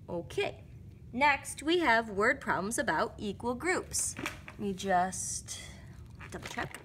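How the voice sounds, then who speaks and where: A woman's voice: a little high, lively intonation, slow pace, fairly bright tone, slight background noise. A woman casually walking through math word problems, thinking aloud and correcting herself as she goes. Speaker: math explainer. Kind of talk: casual lesson walkthrough.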